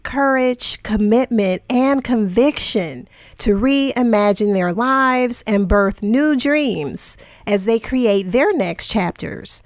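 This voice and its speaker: A woman's voice: fairly high pitch, slow, no room sound. Upbeat woman podcast host, dry studio sound. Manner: enthusiastic, effusive. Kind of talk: upbeat show introduction and casual chat.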